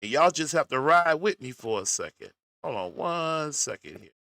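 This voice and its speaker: A man's voice: a little high, expressive, normal speed, vocal fry, pushed and bright, no room sound, studio quality. A man hosting casual reaction commentary, talking folksy and straight to his viewers. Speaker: commentary host.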